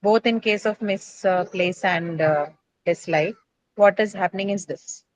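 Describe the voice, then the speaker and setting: A woman's voice: mid-range voice, a little slow, poor audio. A woman teaching English pronunciation in an online class, explaining patiently step by step and checking in with tag questions.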